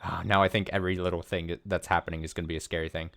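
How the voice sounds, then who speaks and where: A man hosting a let's play, reading a visual novel aloud and rambling excitedly and paranoidly between lines. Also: deep voice, rapid-fire, gravelly, smooth.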